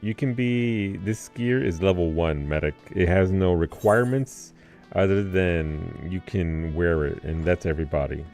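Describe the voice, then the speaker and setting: A man streaming a game, chatting casually in a rambling way with filler pauses. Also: low-pitched, a little mellow, soft background music. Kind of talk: casual gameplay commentary.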